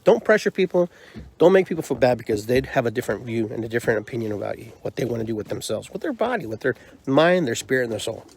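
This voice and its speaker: A man's voice: mid-range voice, rapid-fire, vocal fry, few pauses, slight background noise. A man hosting his own podcast, delivering a heated, frustrated monologue full of repeated rhetorical questions. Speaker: podcast host and drum circle leader.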